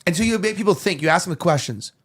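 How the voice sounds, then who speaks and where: A man hosting a loose talk show, rambling through his points with plenty of restarts and casual swearing. His voice sits a little high for a man. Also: expressive, very fast, breathy edge. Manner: rambling, heavy on "like" and restarts, profane. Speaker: podcast host.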